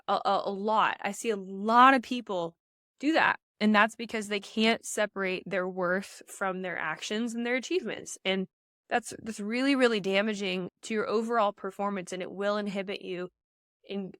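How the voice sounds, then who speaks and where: Emphatic young woman coaching, smooth dry voice. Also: medium pitch, no room sound. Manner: energetic, emphatic, addresses listeners as "you guys". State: eight months pregnant, a little out of breath. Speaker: pageant coach. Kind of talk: podcast coaching talk.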